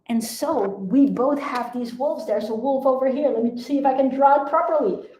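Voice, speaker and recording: A woman's voice: high voice, moderate pace, dark tone. A woman mentor speaking on a motivational live video, earnest and emphatic, often repeating her key phrases.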